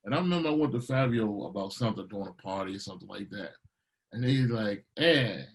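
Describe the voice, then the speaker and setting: A man's voice: fairly low pitch, fast, vocal fry, poor audio. A middle-aged man from Baltimore, a DJ and producer talking casually in an interview, telling stories with a lot of energy and acting out what people said. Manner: animated storyteller, acts out quotes.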